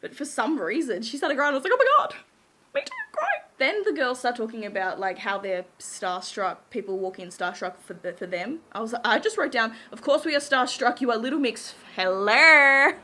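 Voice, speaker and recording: A woman's voice: a little high, fairly quick, few pauses, fairly bright tone, a little hiss or hum. A young woman chatting casually, bubbly and giggly, gushing as she recaps a show. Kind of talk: casual chat.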